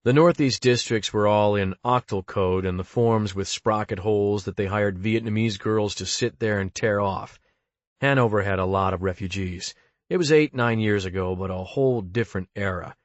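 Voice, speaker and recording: A man reading an audiobook, delivering monologues in a conversational, deadpan and wry manner. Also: on the low side, moderate pace, no echo, lo-fi sound. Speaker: audiobook narrator.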